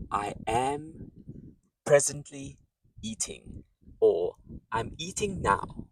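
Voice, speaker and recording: A man teaching a beginners' language lesson, speaking slowly and clearly and modeling words for the listener to repeat. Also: mid-range voice, very animated, no room sound, distant mic. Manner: patient, drawn-out teaching delivery, models words for repetition. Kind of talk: slow, clear spoken lesson.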